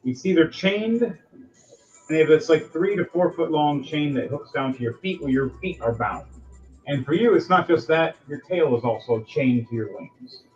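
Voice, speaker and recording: A man's voice: fairly high pitch, expressive, normal speed. A man narrating as game master, with loose, rambling descriptions. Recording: dull lo-fi audio, faint music.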